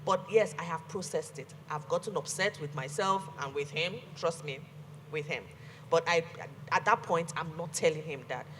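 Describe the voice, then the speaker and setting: A woman's voice: deep voice, normal speed, background noise. A woman speaking earnestly about supporting her partner on a panel. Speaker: guest. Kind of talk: casual panel talk.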